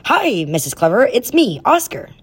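A woman's voice: fairly high pitch, very animated, moderate pace, breathy edge, voice pushed up, full character voice. A woman voicing a nervous, eager young boy in a storybook reading.

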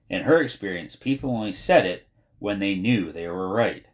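Expressive male audiobook narrator. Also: fairly low pitch, moderate pace. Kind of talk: storybook narration.

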